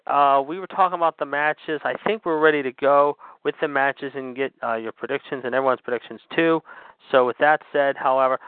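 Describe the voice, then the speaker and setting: A man's voice: mid-range voice, smooth, dry recording. A man hosting a call-in radio show, who keeps repeating filler words like however and of course. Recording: tinny phone-line sound.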